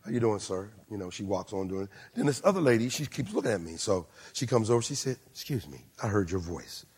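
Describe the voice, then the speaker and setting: A man preaching a sermon as pastor, moving between shouted lines and low, quiet asides. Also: sing-song, quick pace, breathy edge. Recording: long hall reverb.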